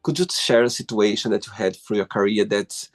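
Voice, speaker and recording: A man's voice: on the low side, fairly quick, soft background music. A man hosting an interview, encouraging and enthusiastic, with broken phrasing. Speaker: host.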